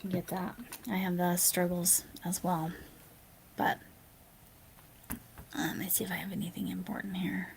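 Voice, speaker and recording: A sleepy woman talks casually through a late-night livestream, reading out viewer comments and answering them. Her voice has a gravelly, fried edge, and she often slips into a soft near-whisper. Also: fairly low pitch, flat delivery, normal speed, pauses often, slight background noise. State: sleepy, yawning. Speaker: live streamer.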